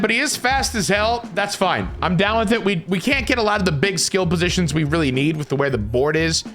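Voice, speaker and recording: A man commenting on his own video game play, excitable and dramatic, swinging from shouts to groans. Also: sits high. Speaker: gaming YouTuber.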